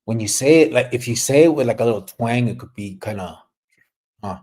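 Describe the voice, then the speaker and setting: A middle-aged man hosting a casual livestream, rambling and relaxed, dropping Spanish slang as he reads comments. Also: medium pitch, fairly quick. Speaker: livestream host.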